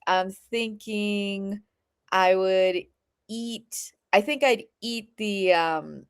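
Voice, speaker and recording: A woman appearing as a podcast guest, talking in a playful, casual way. She laughs often and tosses in quick asides. Her pitch is in the middle range. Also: smooth. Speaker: guest runner. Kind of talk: casual chat.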